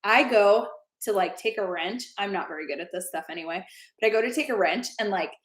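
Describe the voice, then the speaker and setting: A woman chatting casually and telling stories with plenty of life, slipping into quoted voices as she goes. Her voice sits at an ordinary pitch. The room around her is echoey. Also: a little fast. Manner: lively storyteller, acts out quoted lines. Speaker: co-host. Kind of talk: casual podcast chat.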